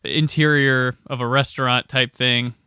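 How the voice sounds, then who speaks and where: A man hosts a podcast in casual conversation, telling stories and animatedly acting out the voices of the people he quotes. His medium-pitched voice is smooth and unhurried, with no echo.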